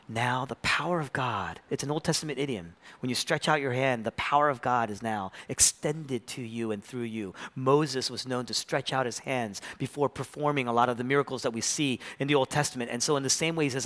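A male pastor preaching a sermon, swinging from hushed, whispered lines up to loud, impassioned climaxes. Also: medium pitch, animated, fairly quick, hardly any pauses. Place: church.

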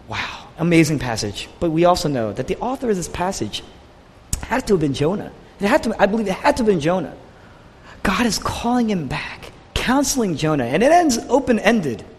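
A man preaching a sermon with an impassioned delivery that swings from quiet to raised, with a husky voice. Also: high voice, very animated, fairly quick, in a large hall, slight background noise.

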